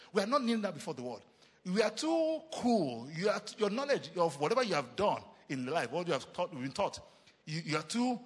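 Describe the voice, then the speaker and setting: Lively Nigerian pastor preaching in a hall. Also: male voice, fairly high pitch, slightly rough. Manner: emphatic preaching with repetition and quick chuckles. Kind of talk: sermon.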